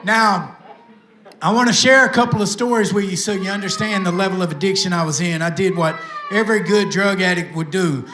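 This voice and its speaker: A man, a recovery pastor telling his life testimony to a live audience with lively, self-mocking storytelling. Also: sits high, fast talker. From Tennessee, USA. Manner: lively storytelling with self-mocking humor, addresses the crowd directly. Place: event stage with live audience. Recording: echoey room sound.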